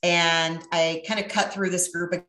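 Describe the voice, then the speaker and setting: Middle-aged woman, casual storytelling, brash and profane, lowish voice, echoey room. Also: flat delivery, normal speed, bright, forceful tone.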